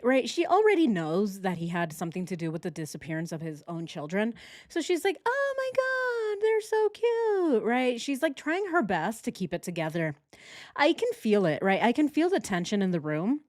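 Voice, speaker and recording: A woman's voice: medium pitch, dry recording, studio quality. Indignant woman doing true crime commentary. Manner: indignant, conversational, asks viewers questions. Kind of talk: reaction commentary over video.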